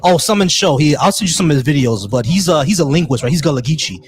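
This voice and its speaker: A man's voice: on the high side, expressive, quick pace. A man hosting a podcast in casual chat, laid-back, laughing often and stumbling through restarts. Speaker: podcast host.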